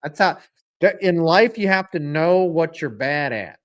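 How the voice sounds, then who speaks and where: A man's voice: a little high, expressive, unhurried. A man hosting a live football reaction stream, joking with chat and calling plays in a rambling, self-deprecating way. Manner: rambling, joking banter mixed with play-by-play. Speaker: stream host.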